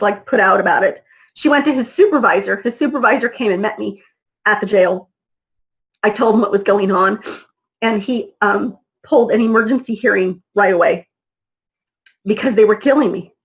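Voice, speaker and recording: A high-pitched woman recounts a personal story as an interview guest. She tells it with feeling and acts out the lines of the people in it. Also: fairly bright tone, low-quality recording. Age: adult mother. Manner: vivid, acts out dialogue in her retelling.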